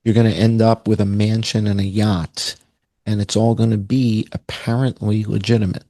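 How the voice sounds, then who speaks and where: A man's voice: fairly low pitch, little pitch movement, moderate pace, mellow, no echo, studio quality. A man talking in a sarcastic, rambling way on a podcast, with mocking asides. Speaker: podcast guest. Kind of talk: casual conspiratorial chat.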